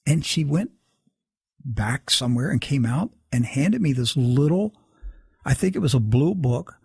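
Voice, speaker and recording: A man's voice: mid-range voice, measured pace, creaky, breathy edge, dry recording, clean studio sound. A man telling a long personal story in casual talk, acting out the people he quotes. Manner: animated, acts out quoted dialogue. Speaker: guest storyteller.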